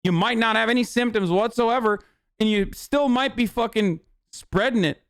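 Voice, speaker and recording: A man reacting to a video on a live stream, casual, profane and excitable. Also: high-pitched, moderate pace, clear, resonant tone, no echo, clean studio sound.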